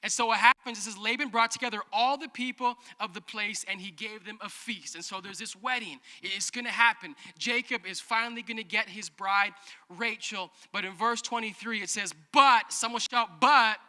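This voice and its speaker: A man's voice: sits high, normal speed, pushed and bright, long reverb tail. A man preaching a sermon as pastor, joking in a conversational way and calling on the congregation to respond. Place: church auditorium.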